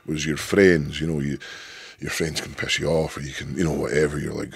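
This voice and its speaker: A Scottish man in his thirties with a deep voice, a guest telling stories in a rambling, sweary, emphatic way. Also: steady tone, fairly quick, gravelly, husky, no room sound. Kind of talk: casual interview chat.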